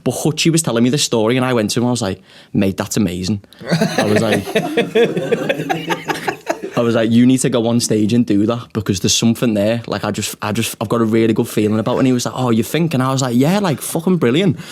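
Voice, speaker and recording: A man's voice: medium pitch, steady tone, fast, a little mellow. A young man, a comedian co-hosting a podcast, telling stories in casual chat, swearing often and laughing through them.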